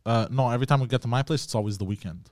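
A man's voice: mid-range voice, racing, a little mellow, no echo, studio quality. A man co-hosting a podcast, telling a rambling, slightly sheepish dating story in casual chat. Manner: rambling, a bit sheepish, laughs often. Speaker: podcast co-host.

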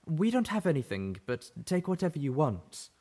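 Male narrator putting on a high, strained, hopeless zebra mare; audiobook character. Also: big pitch swings, normal speed, dark tone. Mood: pleading. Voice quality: voice cracking, bitter. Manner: pleading, fearful. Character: desperate starving adult zebra mare.

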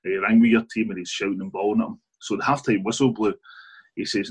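A Scottish man with a lowish, husky voice spins a football yarn as an interview guest. He talks in a relaxed, anecdotal way, laughs often, and keeps restarting his sentences. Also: fast, poor audio. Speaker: author and guest. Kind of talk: casual interview storytelling.

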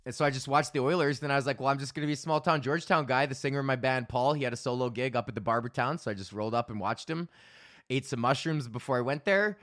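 A man's voice: medium pitch, pushed and bright, dry recording, studio quality. Profane man rambling dryly. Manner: loose, profane storytelling with laughs. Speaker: podcast host and comedian. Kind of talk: rambling casual monologue.

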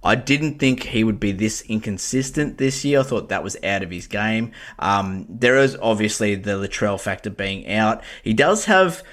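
A man co-hosting a casual sports podcast, animated and sweary, piling on mock-dramatic exaggeration. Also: on the low side. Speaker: podcast co-host.

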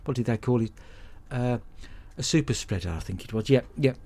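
A man's voice: mid-range voice, fairly quick, warm tone. A middle-aged man, giving a blunt, sweary comic monologue as podcast host. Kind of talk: comic monologue with film recap.

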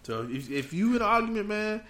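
A man's voice: sits high, big pitch swings, a little fast, a crowd in the background. A man in casual chat as a podcast co-host, emphatic and repeating his points for stress.

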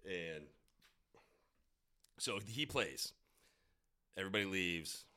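A man's voice: low-pitched, expressive, slow pace, bright, forceful tone, clear, resonant tone. A man with a New England accent, a restaurant owner telling rowdy stories on a podcast, swearing freely and acting out the quotes. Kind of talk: casual podcast storytelling.

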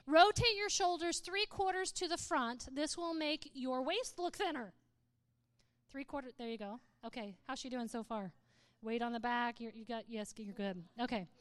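A woman's voice: high-pitched, moderate pace, smooth, no echo. A woman speaking to a live audience in a playful, humorous way, often laughing and reading aloud with mock drama.

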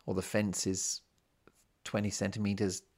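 A man's voice: on the low side, completely flat delivery, unhurried, darkish tone. A man hosting a solo podcast, chatting casually and asking the listener rhetorical questions. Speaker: podcast host.

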